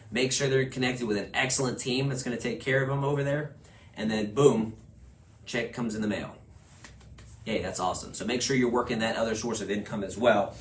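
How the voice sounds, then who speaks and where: A man from Houston leads a class for agents, talking with energy and slipping into quick acted-out dialogues. His voice sits at an ordinary middle pitch. The room is echoey, with faint ambience behind him. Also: a little hiss or hum. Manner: energetic, acts out quoted conversations. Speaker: real estate trainer. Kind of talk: class lecture.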